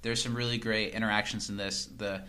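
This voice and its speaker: A man's voice: lowish voice, little pitch movement, brisk, pushed and bright. A man co-hosting a casual podcast, recapping scenes, quoting lines and laughing often. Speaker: podcast co-host. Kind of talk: casual rewatch chat.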